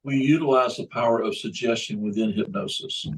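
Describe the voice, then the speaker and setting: A man who works as a hypnotist, explaining his methods and telling stories in a relaxed podcast conversation. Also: medium pitch, fairly quick, rough recording. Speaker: hypnotist guest. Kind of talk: casual podcast chat.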